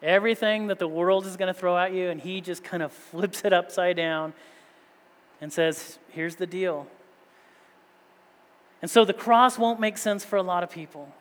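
A man's voice: sits high, normal speed. A man in his thirties, a pastor, preaching a sermon with rising rhetorical questions. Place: church sanctuary. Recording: long reverb of a large hall.

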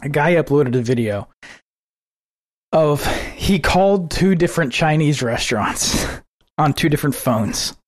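A man co-hosting a podcast in casual chat, excitable, swearing and laughing often. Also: fairly high pitch, unhurried. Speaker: podcast co-host.

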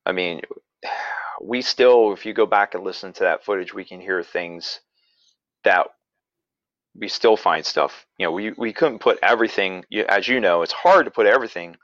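A man with a lowish voice tells a story in an easygoing, rambling way, full of fillers and restarts. The sound is dry and close, with a dull, slightly lo-fi quality. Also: moderate pace, fairly bright tone, no echo. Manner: rambling, many "you know" fillers and restarts. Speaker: paranormal investigator and podcaster. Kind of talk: casual storytelling in conversation.

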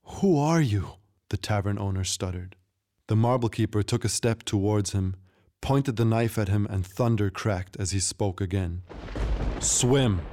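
Low-voiced male storyteller. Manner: measured, steady storytelling delivery. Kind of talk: scripted narration.

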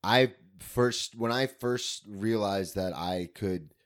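Lively swearing podcast host, low voice. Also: male voice, takes it slowly. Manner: animated storyteller, swears, acts out quoted people. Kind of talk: casual chat.

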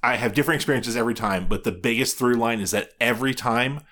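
A man co-hosting a casual chat, recounting a reality show in a soft, rambling way. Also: mid-range voice, fast. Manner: rambling, soft-spoken, frequent restarts. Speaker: podcast co-host.

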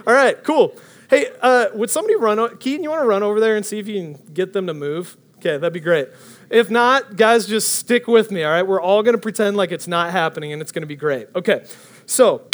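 Animated young man preaching a storytelling sermon. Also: high voice. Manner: animated, rambling, self-interrupting.

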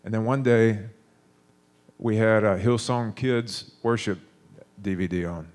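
A man preaching a sermon in a relaxed, conversational way, stopping and restarting as he tells stories. His voice sits a little low. He sounds like he is in his thirties. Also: unhurried.

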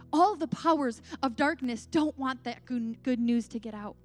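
A woman's voice: sits high, moderate pace, hardly any pauses, faint music behind. A woman giving a devotional sermon talk, earnest and emphatic, mixing preaching with casual asides.

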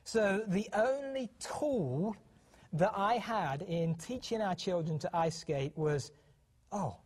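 A middle-aged man with a British accent talks in a casual, chatty way. He often restarts his sentences and acts out the voices of people he quotes. His voice is slightly husky and sits a little high. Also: expressive, takes it slowly, a little mellow. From United Kingdom. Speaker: co-host, parenting program. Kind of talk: casual television talk.

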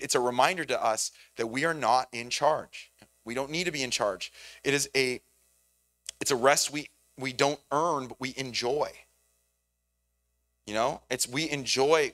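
A man's voice: mid-range voice, no echo. Conversational male pastor preaching. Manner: conversational, animated, repeats words while thinking. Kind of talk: sermon.

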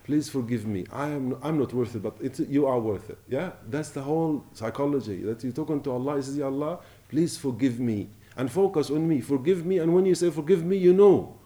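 Man, middle-aged, preacher, passionate rise and fall, mellow tone. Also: medium pitch. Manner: impassioned, rising and falling, recites Arabic quickly. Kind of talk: Ramadan sermon.

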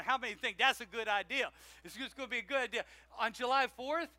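A man preaching an animated sermon in church, drawing call-and-response from the congregation. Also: very high voice, dry recording. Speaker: pastor. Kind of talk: energetic sermon with announcements. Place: church sanctuary.

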